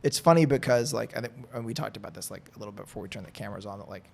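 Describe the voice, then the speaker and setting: Podcast guest, man in his 30s, low gravelly voice, candid and rambling. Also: very fast, darkish tone. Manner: rambling, candid, filler-heavy. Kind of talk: casual chat.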